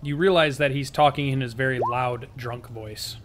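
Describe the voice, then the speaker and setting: A man running a tabletop game as dungeon master, calmly describing the scene to the players. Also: medium pitch, moderate pace, heavy background noise.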